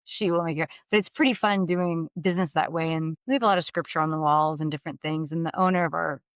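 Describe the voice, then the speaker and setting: A middle-aged woman with a fairly low voice, talking as a guest on an interview podcast. She tells lively stories, jumps into the voices of the people she quotes, and laughs as she goes. The sound is dry and slightly dull. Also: fast, no echo. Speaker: guest, mortgage business leader. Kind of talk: candid storytelling interview.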